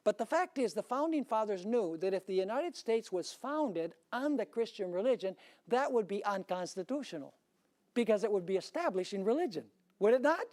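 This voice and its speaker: A man preaching a sermon with conviction. He presses his points hard and keeps turning to the congregation with rhetorical questions. His delivery is steady and emphatic. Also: high-pitched, moderate pace. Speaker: pastor.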